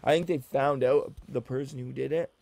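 Gravelly man mocking a video. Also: medium pitch, fairly even intonation, normal speed, a little mellow, a little hiss or hum. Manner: teasing, loose and profane. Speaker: reaction commentator. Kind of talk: joking reaction commentary. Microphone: desk mic, looking at a screen.

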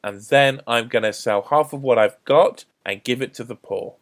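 A man's voice: mid-range voice, normal speed, lightly acted. A man voicing a short male tax collector in a children's Bible story, apologising eagerly to a crowd. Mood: sorry. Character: small repentant male tax collector, cheerful.

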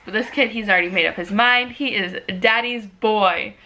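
A young woman, a mom, chatting casually in a home video about her baby, sick at the moment, and sometimes cooing to him in a high sing-song voice. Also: normal speed, bright, forceful tone, slight background noise. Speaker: mom vlogger. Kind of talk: casual baby update vlog. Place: home living room. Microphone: camera on a tripod.

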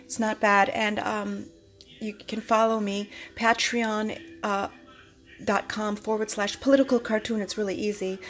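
A woman, a cartoonist, rambling and halting as she casually explains her own political cartoons to viewers. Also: medium pitch, fairly even intonation, faint music behind.

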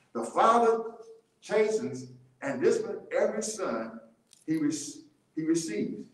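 A man with a high, lively voice leads a church Bible study, speaking slowly and drawing out his points. He repeats key words and often breaks into laughter. The sound rings with heavy echo from the church room.

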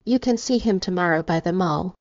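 A woman voicing a protective, possessive young man in an audiobook, calm and assured. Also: on the low side, fairly quick, no room sound, lightly acted. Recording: slightly dull, dry recording.

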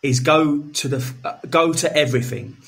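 A man's voice: fairly high pitch, normal speed, vocal fry. A man co-hosting a podcast, supportive and sweary, calling his friend "mate" constantly. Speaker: podcast co-host. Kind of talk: casual banter.

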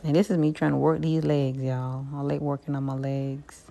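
Young woman, vlogger, low mellow voice, chatty laid-back narration. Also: little pitch movement, moderate pace, gravelly. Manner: chatty, laid-back, keeps saying "y'all". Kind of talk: casual voice-over narration.

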